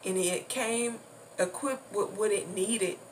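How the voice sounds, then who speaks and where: A woman talks slowly and reflectively about the soul, circling back over her points and dropping casual curses. She sits a bit away from the microphone, with a clear hum of background noise in the room. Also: mid-range voice, far from the mic. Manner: reflective, loose and repetitive, casual swearing. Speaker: spiritual vlogger. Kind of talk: casual spiritual talk.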